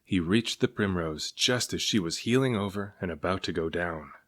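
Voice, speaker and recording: Low-voiced man reading a storybook. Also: moderate pace. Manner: expressive storytelling. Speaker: parent reading aloud. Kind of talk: children's book read-aloud.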